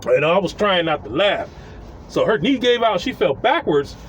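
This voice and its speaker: A man's voice: high-pitched, big pitch swings, moderate pace, slight background noise, low-quality recording. A man telling a story casually outdoors, rambling, swearing and chuckling as he goes.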